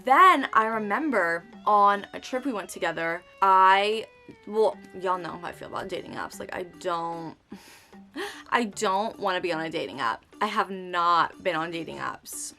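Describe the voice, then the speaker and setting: Bright-voiced young woman vlogging. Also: lively intonation, unhurried, faint music behind. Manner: chatty, dramatic, acts out quotes with sudden high outbursts. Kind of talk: casual storytime chat.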